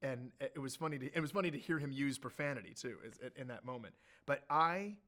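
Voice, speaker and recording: A man telling an animated story as an interview guest, acting out what others said. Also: mid-range voice, a little fast. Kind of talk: conversational anecdote telling.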